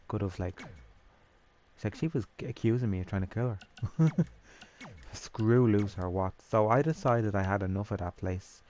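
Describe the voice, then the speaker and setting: A man's voice: fairly low pitch, a little mellow. A young Irish man telling a story in a rambling, chatty way with swearing, over a game. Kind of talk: casual storytelling over gameplay.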